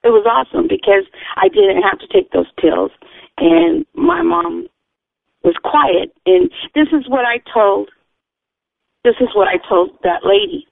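Woman rambling through her faith story, kinda high, raspy fry, sounds like over a phone. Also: very animated, a little slow, no echo. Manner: rambling, earnest, self-correcting. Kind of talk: personal faith testimony. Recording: tinny phone-like radio sound.

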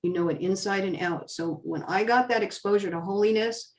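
A middle-aged woman giving an interview guest's emotional testimony, earnest and fervent, her voice rising high with feeling and then falling quiet. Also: brisk, distant mic.

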